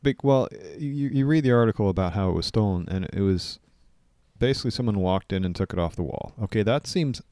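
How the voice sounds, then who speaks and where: A man co-hosting a casual podcast, talking in a dry, deadpan, teasing way into a studio microphone. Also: on the low side, a little fast, no echo. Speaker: podcast co-host. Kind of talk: casual banter.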